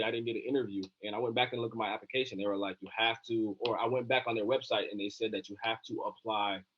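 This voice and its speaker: Lowish young guy telling his story, chill, lots of um and like, kinda dull audio. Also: breathy edge. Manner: relaxed, talks through his story with many fillers. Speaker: physician assistant student guest. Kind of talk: casual interview. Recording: dull lo-fi sound.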